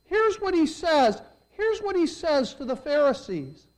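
A pastor preaching a sermon, moving between quiet, slow reflection and loud, rising emphasis, and acting out quoted people in lowered voices. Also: very animated, poor audio.

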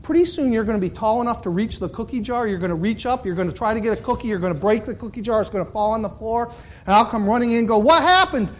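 High-voiced impassioned male preacher. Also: fast. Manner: impassioned, rising to loud high peaks then dropping low and earnest. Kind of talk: sermon with altar call. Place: church.

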